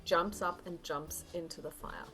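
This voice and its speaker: A woman running a tabletop horror game as game master, narrating with lively drama. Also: on the low side, moderate pace, soft background music.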